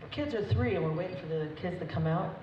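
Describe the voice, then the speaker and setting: Speaking fast in a lowish voice, a woman toasts her son at his wedding reception, her remarks unscripted, chatty, emotional, and full of laughs. The audio comes from a distance in an echoey, dull hall with crowd noise.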